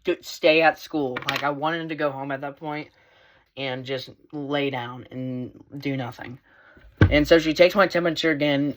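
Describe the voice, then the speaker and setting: Teen boy, casual vlog storyteller, rambling and animated. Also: on the high side, moderate pace. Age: teens. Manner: rambling, with many fillers and restarts; animated, voice rising when excited. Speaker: vlogger.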